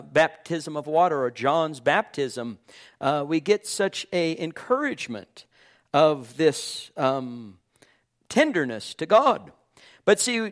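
A man preaching a sermon in an earnest way, his voice dropping low and soft on key phrases.

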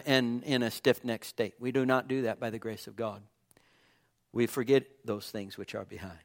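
A man preaching a sermon in an earnest way, his voice dropping low and soft on key phrases.

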